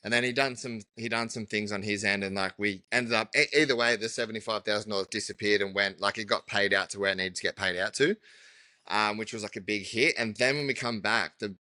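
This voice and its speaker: A man with a fairly low but bright, forceful voice talking as a podcast guest. He is recorded close and dry, with no room sound. He tells his story haltingly, full of likes and ums. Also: fairly even intonation, no room sound. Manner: chatty, halting storytelling with many fillers. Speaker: guest, electrician business owner. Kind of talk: casual podcast chat.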